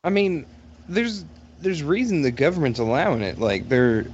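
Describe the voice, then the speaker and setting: A man's voice: fairly high pitch, expressive, moderate pace, a little mellow, slightly rough. A man co-hosting a podcast in casual chat, reading items off a list and laughing often. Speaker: podcast co-host. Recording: dull lo-fi sound with faint background noise.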